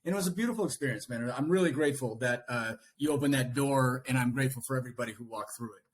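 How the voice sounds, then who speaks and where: A man who is a coach, a podcast guest, speaking earnestly and reflectively in casual conversation, often animated. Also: medium pitch, racing.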